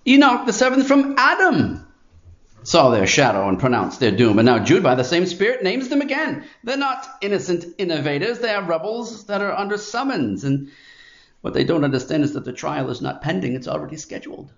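A man's voice: a little high, very animated, brisk, gravelly, a bit bright, muffled recording. Emphatic preacher man, echoey room. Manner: emphatic, declamatory, building lists with rising force. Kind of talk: sermon.

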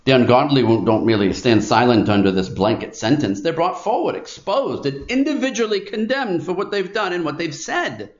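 A man's voice: a little high, very animated, moderate pace, hardly any pauses, roomy sound, dull audio. A man preaching a sermon in an emphatic, declamatory way, stacking phrases with rising force.

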